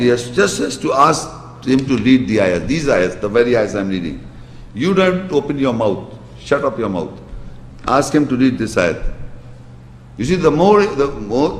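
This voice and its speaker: A man's voice: mid-range voice, a little hiss or hum. A male religious lecturer speaks emphatically and breaks into recited Arabic verses. His mid-range voice sits in a roomy hall that carries a long echo after every phrase. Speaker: Islamic lecturer. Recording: echoey hall reverb.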